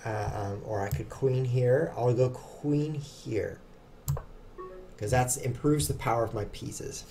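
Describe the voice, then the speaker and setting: A man's voice: medium pitch, slow, gravelly, mellow, soft background music. A young man streaming online chess, chatting casually and joking at his own expense while he plays. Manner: chatty, self-mocking, jokes with chat. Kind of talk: casual live commentary while playing.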